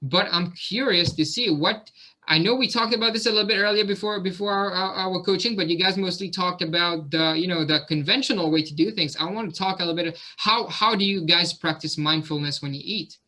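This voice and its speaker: A man's voice: high voice, fairly quick, sharp tone. A man coaching a group on a video call, talking in an encouraging, conversational way. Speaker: fitness coach.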